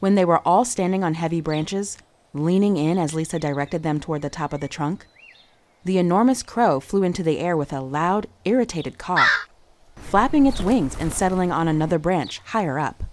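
A woman reading a children's mystery story aloud, giving each character an expressive voice. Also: fairly low pitch, normal speed. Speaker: audiobook narrator. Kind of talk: storybook narration.

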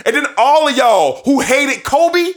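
A man's voice: very high voice, sing-song, a little slow. A man hosting a sports show, ranting emphatically and repeating his points for effect, with bursts of laughter between points. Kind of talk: sports opinion rant.

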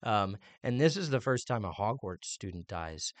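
A middle-aged man co-hosting a casual podcast chat, animated and teasing. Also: lowish voice, moderate pace, no room sound. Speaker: podcast co-host, father.

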